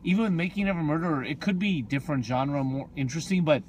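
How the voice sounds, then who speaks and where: A man co-hosting a casual podcast chat, jokey and animated, getting loud when something upsets him. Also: a little high, quick pace, a little hiss or hum. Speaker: podcast co-host.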